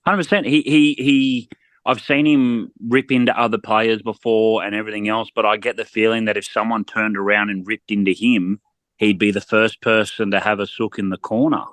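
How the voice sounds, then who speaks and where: Blunt man, low voice. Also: fairly even intonation, moderate pace, a bit bright, no echo. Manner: blunt, fired-up, repeats words when heated. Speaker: podcast guest. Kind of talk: casual sports chat.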